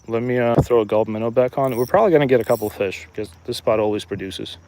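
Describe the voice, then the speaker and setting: A man's voice: medium pitch, fast, a little hiss or hum. A man giving casual, chatty live-stream commentary outdoors at a riverbank, talking to his viewers while he fishes. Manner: relaxed, chatty, talks to viewers while fishing. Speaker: fishing streamer.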